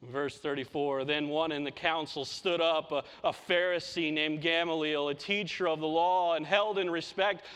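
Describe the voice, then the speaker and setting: A man with a high voice preaches a sermon in a church, his words trailing off into the long echo of the hall. He talks with passion and often repeats words to drive home his point. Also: fairly even intonation, normal speed, hardly any pauses, fairly bright tone, clean tone. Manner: impassioned, repeats words when stressing a point. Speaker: pastor. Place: church sanctuary.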